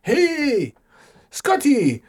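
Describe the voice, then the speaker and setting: A friendly male alien lands on the lawn and coaxes in a lilting, overly polite voice pitched far above a normal man's, as a man puts it on. Each line sweeps up and down in a sing-song way. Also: wildly swooping pitch, very slow, darkish tone, heavily acted. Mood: coaxing. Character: friendly male alien visitor offering a ride.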